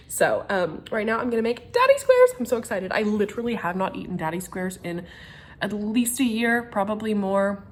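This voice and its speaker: A young woman chatting casually to her handheld camera at home, excitable and a little stuffy from a sinus infection, with laughs and whispered asides. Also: medium pitch, slight background noise. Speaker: vlogger. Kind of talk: casual vlog chat to camera. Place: at home, in a house. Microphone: handheld camera filming herself.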